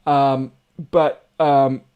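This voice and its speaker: A man hosting a music reaction video, chatting casually and excitedly, with lots of fillers and swearing. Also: mid-range voice, drawn-out words, clear, resonant tone, lo-fi sound.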